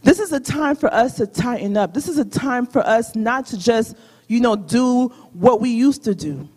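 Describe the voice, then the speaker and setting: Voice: medium pitch, expressive, normal speed, a little mellow, husky. A preacher delivering a sermon in a church sanctuary, speaking to in-person and online listeners and often asking the congregation to repeat lines back in call-and-response. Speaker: guest preacher. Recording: long hall reverb of a sanctuary.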